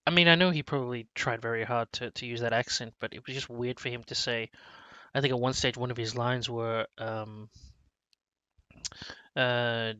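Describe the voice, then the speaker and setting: A man's voice: medium pitch, fairly even intonation, unhurried, bright, forceful tone, clean tone, dry recording, dull audio. A man co-hosting a casual movie review chat, rambling with many restarts and fillers. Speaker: podcast co-host.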